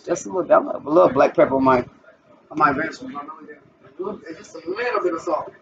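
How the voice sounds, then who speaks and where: A woman with a gravelly voice chats the viewer through a recipe in her home kitchen. She sits well back from the mic, and the recording sounds dull and muffled, with steady noise behind her. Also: sits low, quick pace, distant mic. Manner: chatty, talks the viewer through each step. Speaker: cooking channel host. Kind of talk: casual cooking vlog.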